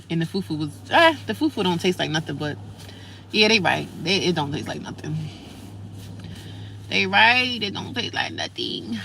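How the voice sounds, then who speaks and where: A woman's voice: lowish voice, creaky, pushed and bright, a little hiss or hum. A woman chatting casually and playfully with her livestream viewers, calling them girl and sis. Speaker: vlogger. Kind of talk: casual livestream chat with commenters. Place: homeless shelter.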